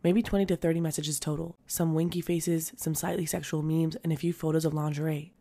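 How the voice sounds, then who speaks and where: A woman narrating online stories aloud in an animated, punchy way, with sudden loud emphasis. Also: low voice, fairly quick. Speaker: storytime narrator.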